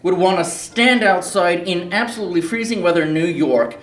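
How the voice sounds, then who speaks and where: A man in a casual chat, talking in a lively, expressive way. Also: high voice, moderate pace. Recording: echoey room with music behind.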